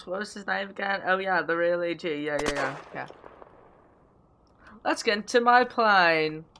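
A woman's voice: lowish voice, a little slow. A woman giving joking game commentary as she teaches flying in a game, clowning around in a silly put-on accent. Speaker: gamer making a flying tutorial. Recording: game noise and engine sounds behind.

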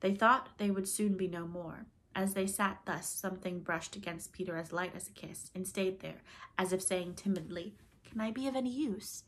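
A woman reading a classic children's novel aloud in a gentle, measured storytelling voice. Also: lowish voice, level tone. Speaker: storybook reader. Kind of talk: audiobook narration.

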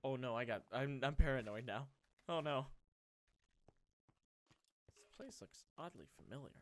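A man thinking aloud while playing a game, excitable and quick to swear, moving from low mutters to sudden excited outbursts. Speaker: Let's Play host. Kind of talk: gameplay commentary.

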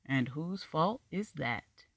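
A story reader voicing a stern, skeptical Black man who questions another man bluntly and a little louder than the narration. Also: mid-range voice, expressive, slow, no echo, heavily acted. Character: stern, pitiless older Black man with a knife. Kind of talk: audiobook dialogue reading.

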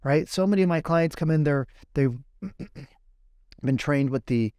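A man's voice: a little high, a little slow, a little mellow, no room sound, clean studio sound. A middle-aged man, a guest sales coach, talks through anecdotes and rhetorical questions and often acts out the other side of a conversation. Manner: fires rhetorical questions and acts out dialogue in quoted voices.

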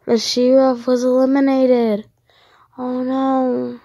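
A woman narrating her online game as she plays, excitable and easily frightened, giving running commentary. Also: medium pitch, slow pace, long pauses, dry recording. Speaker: gaming channel host. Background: dogs barking sometimes.

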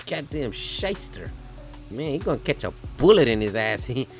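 A man's voice: mid-range voice, very animated, a little slow, faint music behind, voice pushed up. A man voicing an irate male viewer who heckles a painter with swearing and mock outrage. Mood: scolding.

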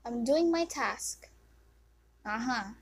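Excitable high-voiced woman gaming. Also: takes it slowly, slightly rough, low-quality recording. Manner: excitable, reacts loudly with sudden yelps and muttered whispers. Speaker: gamer commentating her play. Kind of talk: casual gameplay commentary.

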